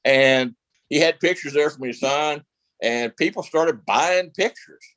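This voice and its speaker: A man's voice: fairly high pitch, a little slow, a bit bright, no room sound, low-quality recording. A male actor guest telling stories in a casual interview, rambling with lots of fillers and restarts.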